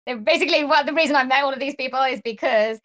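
Chatty British woman, fairly high voice. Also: rapid-fire, fairly bright tone. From Wales. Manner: friendly, chatty, laughs easily. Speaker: voiceover artist guest. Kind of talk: casual interview chat.

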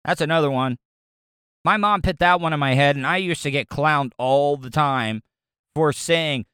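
Southern-accented man, higher voice. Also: normal speed, pushed and bright, clear, resonant tone, dry recording, studio quality. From American South. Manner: rambling, conversational, repeats words. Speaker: podcast host. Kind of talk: casual solo podcast talk.

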